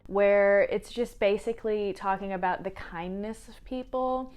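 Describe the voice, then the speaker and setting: A young woman chatting casually as a book vlogger, emotional and quick to laugh and tear up. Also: mid-range voice, darkish tone, clear, resonant tone. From small town, Midwest US. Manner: chatty, emotional, laughs and tears up while talking. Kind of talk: casual chat.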